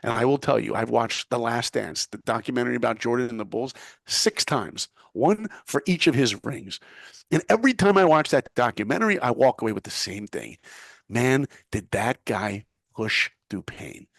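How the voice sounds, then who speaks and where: A middle-aged New York man speaks at normal speed in a medium-pitched voice that's creaky, a bit bright and lively in intonation, recorded in clean studio sound without room sound. As a guest, he tells an animated story in a punchy, motivational way, voicing the people he quotes.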